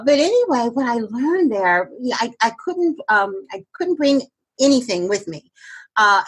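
A woman's voice: a little high, a bit bright, slightly rough, rough recording. An older woman telling a personal story in an interview, rambling with many fillers and restarts. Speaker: interview guest.

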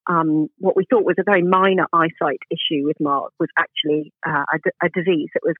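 A woman's voice: low-pitched, steady tone, fairly quick, husky, no echo. A woman guest in a casual interview, telling stories in a chatty, self-deprecating way with many restarts. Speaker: guest speaker. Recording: phone-like narrow line.

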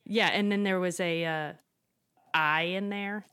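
A woman co-hosting a podcast, recapping a story in a brisk, casual way. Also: fairly low pitch, steady tone, fairly bright tone, clean tone. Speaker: podcast co-host. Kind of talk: casual chat, recapping episodes.

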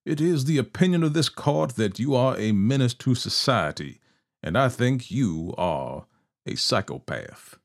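A man voicing a stern old male judge, grave and slow. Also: medium pitch, expressive, pitched above the performer's own voice.

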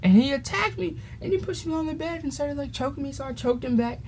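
A man's voice: extremely high pitch, quick pace, slight background noise. A teenage boy casually telling a rambling story on a podcast, laughing often and drifting off topic. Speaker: podcast host.

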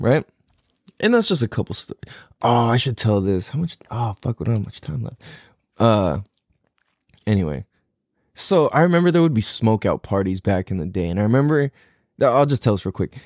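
A man's voice: on the low side, a little mellow, no room sound, clean studio sound. A man in his thirties telling a long, rambling, profane story in a laid-back way, laughing often. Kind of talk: casual storytelling monologue.

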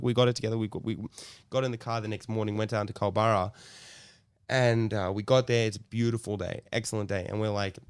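Smooth-voiced man rambling a story. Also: on the low side, fairly even intonation, fast talker, no echo, clean studio sound. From Australia. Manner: rambling, lots of likes and restarts. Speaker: podcast co-host. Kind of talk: casual storytelling.

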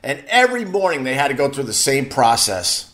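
A man's voice: mid-range voice, sing-song, a little fast, a bit bright. A middle-aged man from Long Island with a Long Island accent, a radio host telling stories in a rambling, self-deprecating, chatty way. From Long Island, New York. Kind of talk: casual on-air storytelling.

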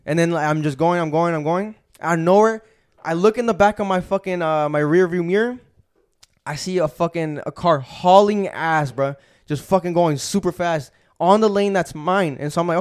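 A man's voice: fairly high pitch, brisk, clear, resonant tone. A young man hosting a podcast, telling a story in casual, profane street slang. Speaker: podcast host.

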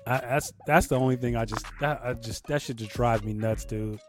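A man's voice: mid-range voice, normal speed, soft background music. A man co-hosting a podcast, making his case emphatically and repeating himself when cut off. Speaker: podcast co-host. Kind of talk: casual debate.

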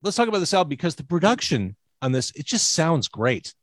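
Lively joking male host. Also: fairly high pitch, brisk, dry recording. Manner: jokey, lively introductions. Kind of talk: casual interview. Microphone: video call.

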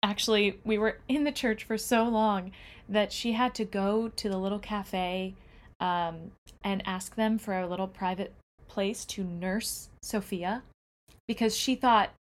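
A woman's voice: medium pitch, steady tone, measured pace. A woman co-hosting a podcast, chatting with enthusiasm about a family trip, with lots of fillers. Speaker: podcast co-host. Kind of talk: casual travel chat.

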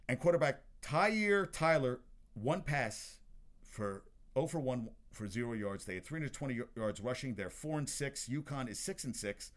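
A man hosting a sports podcast, chatting casually about games as he watches one, rambling with restarts and asides. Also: mid-range voice. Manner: chatty and excitable about scores. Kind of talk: casual sports talk while watching a game.

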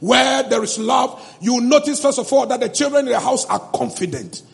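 High-voiced preacher man, gravelly. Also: normal speed. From Ghana. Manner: impassioned, repetitive preaching that builds to shouting. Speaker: pastor. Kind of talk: sermon. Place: church before a congregation.

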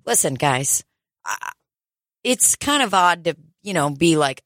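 A woman co-hosting a loose, raunchy podcast. Her voice is bright and clear, recorded close and dry. She rambles, restarts and swears with easy laughter. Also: fairly low pitch, lively intonation, a little slow, no echo. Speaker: podcast co-host. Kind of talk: casual crude podcast banter.

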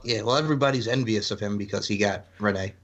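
A man co-hosting a casual wrestling chat, animated, laughing often and breaking into chants. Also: on the low side, quick pace. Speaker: podcast co-host.

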